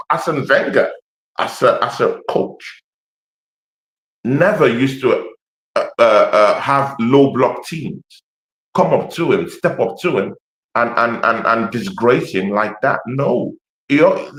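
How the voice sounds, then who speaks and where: A man with an African accent and a mid-range, slightly bright voice is an Arsenal fan pundit on an animated football podcast. He's passionate and repetitive, hesitant, with lots of fillers, and the recording has a roomy echo.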